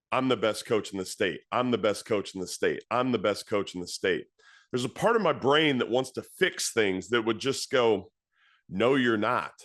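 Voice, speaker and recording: A man in his thirties, a football coach, tells a story in an earnest way and leans on repeated phrases. His voice sits fairly low. The sound is dry and close, with no room around it. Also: a bit bright, no room sound. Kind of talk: motivational talk to coaches.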